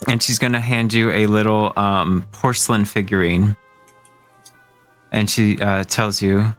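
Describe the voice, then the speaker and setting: Low-voiced man running a tabletop game, hesitant and descriptive. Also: fairly even intonation, unhurried, no room sound, faint music behind. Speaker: game master.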